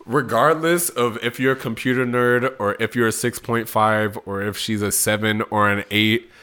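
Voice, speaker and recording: Brief: male podcast co-host, bright forceful tone, earnest advice-giver. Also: fairly low pitch, fairly even intonation, normal speed, clear, resonant tone. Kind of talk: casual chat.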